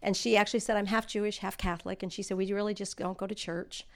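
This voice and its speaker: A woman's voice: medium pitch, flat delivery, fast. Woman preaching with earnest stories. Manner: earnest storytelling, rising to emphatic exhortation. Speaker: speaker at a church. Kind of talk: sermon with personal stories.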